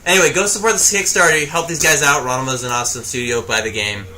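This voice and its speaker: Young man, fast talker, bright tense tone, sarcastic jokes, casual game commentary. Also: on the high side, steady tone, slight background noise. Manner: joking, sarcastic banter. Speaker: co-host.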